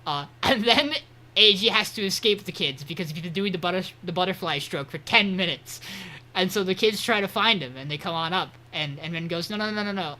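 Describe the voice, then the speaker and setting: A man's voice: sits high, a little fast, bright, forceful tone. A man co-hosting a podcast, recapping an episode in a rambling, swearing, casual way. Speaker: podcast co-host.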